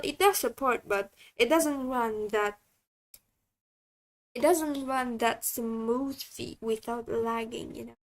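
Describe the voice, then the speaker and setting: High, slow-talking woman. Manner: halting, chatty. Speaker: streamer. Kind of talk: casual stream self-introduction.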